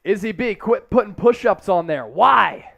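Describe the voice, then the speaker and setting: Young male stream host, high-pitched, energetic chat reader. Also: moderate pace, faint music behind. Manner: energetic, reads chat aloud. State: exerting, counting push-ups. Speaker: host of a live sports stream. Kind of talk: casual live-stream chat.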